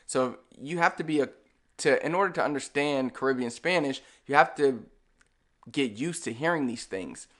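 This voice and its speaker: Brief: Puerto Rican man, mid-pitched, casual teacher, slow repeated examples. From Puerto Rico. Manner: relaxed, repeats example words slowly with demonstration. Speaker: Spanish language teacher. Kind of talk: casual explanatory lesson.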